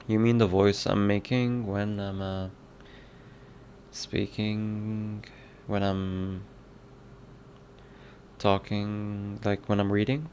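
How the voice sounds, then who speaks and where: A man on a casual livestream, thinking out loud about his game and answering his chat. His voice sits low and gravelly, and he takes his time, stopping to muse and to toy with mock accents. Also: little pitch movement, extremely slow, long pauses, a little hiss or hum. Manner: musing, reads chat aloud, toys with mock accents. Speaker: indie game developer streaming his work.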